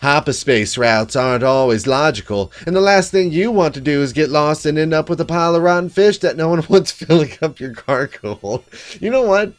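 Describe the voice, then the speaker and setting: A man's voice: on the high side, expressive, a little fast, soft background music. A man casually commenting on a game and reading its text aloud, profane and self-mocking. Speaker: let's play host.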